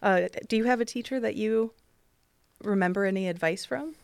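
A woman's voice: mid-range voice, normal speed, vocal fry, darkish tone, clear, resonant tone, dry recording. A woman interviewing an improv teacher, encouraging him with short replies. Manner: supportive, brief affirmations. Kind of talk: conversational interview.

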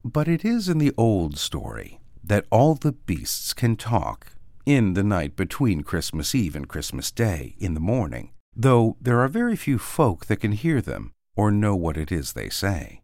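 A male storyteller reads a storybook aloud in a gentle, expressive way, letting his voice sink softly at quiet moments. His voice sits on the low side but rises and falls freely. The sound is close and dry, with faint music under it. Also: a little slow, gravelly, no echo. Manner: gentle, expressive read-aloud with soft dips. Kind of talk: storybook reading.

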